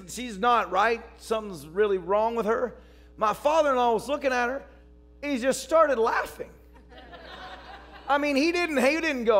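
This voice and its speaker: A man preaching a sermon as pastor, telling stories and rising to shouts. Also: very high voice. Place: church service.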